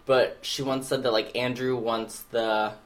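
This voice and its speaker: A man co-hosting a podcast, chatting casually with deadpan sarcastic jokes. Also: mid-range voice, unhurried. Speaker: podcast co-host. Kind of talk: casual chat.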